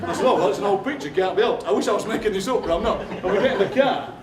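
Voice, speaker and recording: High-voiced man telling stage stories. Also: very fast, crowd noise. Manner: deadpan anecdotes, acting out other people's lines. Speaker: poet performing on stage. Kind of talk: comic storytelling to a live audience. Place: theatre stage. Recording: roomy hall from a distance. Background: audience laughter.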